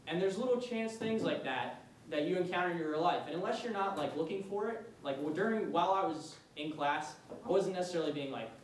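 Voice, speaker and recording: A young man speaks at a retreat in a chatty, easygoing way, often laughing and filling pauses. His voice sits a little high for a man. He is recorded from a distance in an echoey room with a faint rumble underneath. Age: young adult. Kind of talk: casual faith talk.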